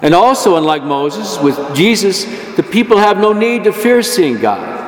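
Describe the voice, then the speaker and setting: A man's voice: high voice, very animated, measured pace. A man preaching a homily at Mass, earnest and emphatic, lifting his voice when he gives the words of God. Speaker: priest. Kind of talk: sermon. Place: church. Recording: echoey church hall.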